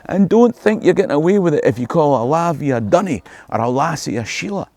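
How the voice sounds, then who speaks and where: A man's voice: a little high, expressive, fairly quick, a little mellow. A middle-aged Scottish man, a history tour guide, delivering a scripted video monologue in a wry, joking way. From Scotland.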